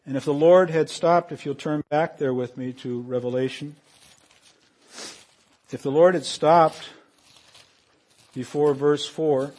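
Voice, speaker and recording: A pastor preaching a sermon, reading scripture aloud and swinging between hushed lines and raised, emphatic passages. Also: male voice, fairly high pitch, slow pace, pauses often.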